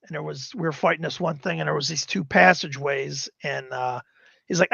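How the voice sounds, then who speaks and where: Gravelly high-voiced guy in his 50s rambling thru old game stories, dull lo-fi stream sound. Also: fairly quick, no room sound. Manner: rambling, animated retelling with acted quotes. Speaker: guest gamer. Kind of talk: casual storytelling.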